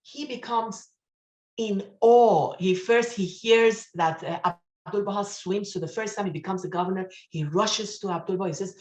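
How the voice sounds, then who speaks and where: Excitable woman telling stories, echoey room. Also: mid-range voice, moderate pace. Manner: excited, acts out quotes, laughs often. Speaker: speaker at an online study session. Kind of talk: animated storytelling talk. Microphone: video call.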